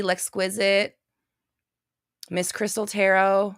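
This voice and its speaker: A woman's voice: on the low side, lively intonation, normal speed, a bit bright, no echo, studio quality. A young adult woman hosting a casual live-stream chat, talking bluntly and swearing freely as she rants. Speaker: podcast host.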